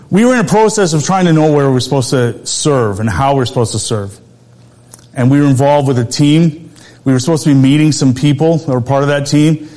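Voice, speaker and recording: A man's voice: mid-range voice, darkish tone. A middle-aged man preaching a sermon, telling a personal story in a conversational way and laughing often.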